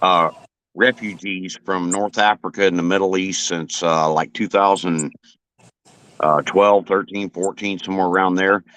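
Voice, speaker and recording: Low-voiced hesitant man. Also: steady tone, a little slow, fairly bright tone, rough recording. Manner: hesitant, filler-heavy opinion talk. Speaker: guest on live stream. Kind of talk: casual chat.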